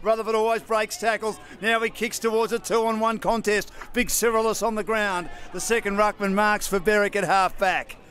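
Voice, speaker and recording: An Australian man giving fast play-by-play commentary on a local football match from an outdoor commentary position, raising his voice at key moments. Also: high-pitched, steady tone. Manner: rapid play-by-play, rising to shouts at key moments.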